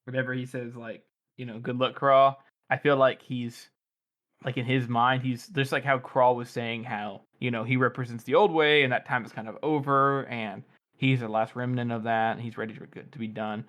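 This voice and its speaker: A man's voice: mid-range voice, steady tone, normal speed, a bit bright. A man co-hosting a book podcast, talking through a scene in a thoughtful, hesitant way with plenty of fillers. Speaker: podcast co-host. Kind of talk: casual book discussion.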